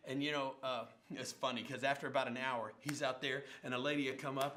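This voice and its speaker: A middle-aged male pastor telling stories in a sermon, animated and acting out the people he quotes. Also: medium pitch, fairly quick, hardly any pauses, a little hiss or hum. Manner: animated storyteller, acts out quotes and sounds. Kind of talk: sermon storytelling.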